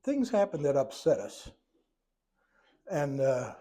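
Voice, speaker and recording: Folksy, mellow-voiced Bible class teacher. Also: male voice, mid-range voice, very animated, a little slow, long pauses. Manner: folksy, chuckling asides, trails off and restarts. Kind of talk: church Bible study lesson.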